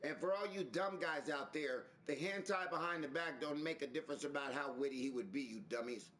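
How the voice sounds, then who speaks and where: A man hosting a live stream, talking in a preachy, repetitive, animated way with some swearing. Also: a little high, fairly quick, a little hiss or hum. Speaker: stream host. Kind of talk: casual live-stream chat.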